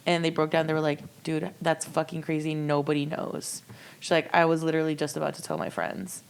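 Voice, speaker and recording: A young woman co-hosting a podcast, telling a story in relaxed casual chat with some swearing. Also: sits low, fast talker, creaky. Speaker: podcast co-host.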